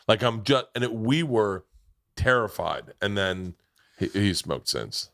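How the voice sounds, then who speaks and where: Brief: male host, low voice, loose and rambling, swearing, laughs easily. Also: lively intonation, measured pace, creaky, a bit bright. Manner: rambling, profane storytelling with restarts. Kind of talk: casual chat.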